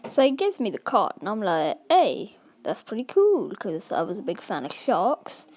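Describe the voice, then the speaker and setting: A woman's voice: mid-range voice, big pitch swings, normal speed. A woman telling a casual storytime vlog, rambling and full of "like" and "um" fillers. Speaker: vlogger.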